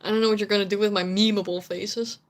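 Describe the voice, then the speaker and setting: A woman's voice: medium pitch, level tone, fast talker. A young Dutch woman, whose first language is Dutch, chatting casually with viewers on a stream, laughing often and sometimes searching for English words. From Netherlands.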